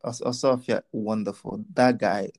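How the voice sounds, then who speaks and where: A man's voice: fairly low pitch, steady tone, moderate pace, darkish tone. A man, co-hosting a casual chat, teasing and joking with playful exaggeration. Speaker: podcast co-host.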